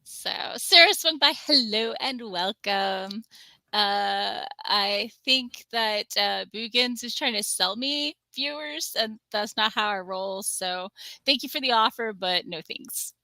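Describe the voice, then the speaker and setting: A woman's voice: mid-range voice, animated, slow pace, pushed and bright, no echo. A woman hosting a casual livestream, talking in a chatty, rambling way and cooing at her cat now and then. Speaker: livestream host.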